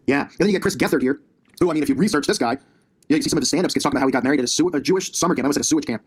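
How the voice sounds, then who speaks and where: A man's voice: a little high, lively intonation, racing, breathy edge. A man hosting his own commentary channel, ranting combatively and sarcastically, recorded on a laptop in his basement. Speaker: conspiracy commentary channel host. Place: home basement.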